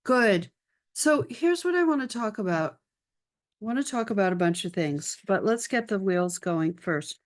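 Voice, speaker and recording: A woman's voice: mid-range voice, lively intonation, moderate pace. A woman hosting a live video-call session as an art career mentor, chatting upbeat with viewers and greeting them by name. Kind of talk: live-stream chat with viewers.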